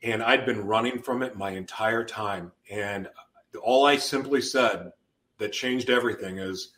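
A man's voice: lowish voice, a little slow, a bit bright. A man guest on a podcast, giving an intense personal testimony and acting out his past outbursts as he tells it.

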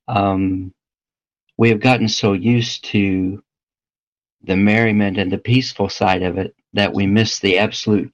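A man who leads a small home church, speaking reflectively with many pauses and fillers. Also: low voice, muffled recording. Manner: hesitant, halting, many fillers. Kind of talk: reflective casual talk.

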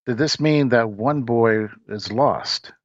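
A man's voice: mid-range voice, slow, dry recording, dull audio, close to an everyday voice. A man voicing a young boy who leads a group and is frightened and distraught, asking anxious, pleading questions.

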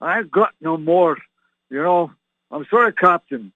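A harried starship engineer pleads with his captain in a raised, strained voice, put on by a man. He sounds gruff and exasperated. The sound is thin and phone-like, with no room echo. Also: fairly high pitch, animated, a little slow, voice pushed up. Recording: tinny phone-like line, dry.

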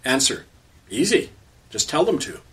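A man's voice: mid-range voice, sing-song, normal speed, fairly bright tone, far from the mic. Sarcastic, polemical male show host. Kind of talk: radio commentary and storytelling.

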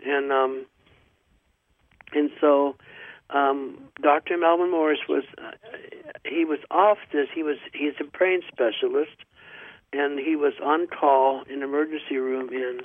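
A man hosting a radio show, telling a long story in a rambling, halting way with many pauses and restarts. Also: a little high, fairly even intonation, no echo. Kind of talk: casual storytelling monologue. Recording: dry, tinny phone-like radio sound.

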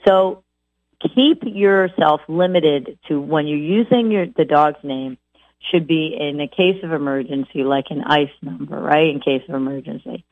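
A woman dog trainer giving an animated instructional talk, acting out owners by repeating words over and over. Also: low-pitched, unhurried, no echo. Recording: tinny phone-like audio.

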